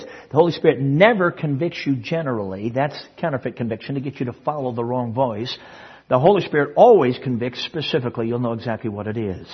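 A husky-voiced man preaching an emphatic sermon, dropping to hushed asides and then rising into loud proclamation. His voice has a mid-range pitch. The recording sounds dull and lo-fi.

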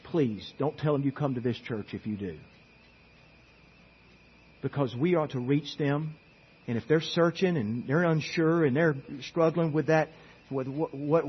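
High-voiced husky man preaching, goes quiet then fired up and begging, kinda muffled recording. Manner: pleading, swings from quiet to impassioned. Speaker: pastor. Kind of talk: sermon.

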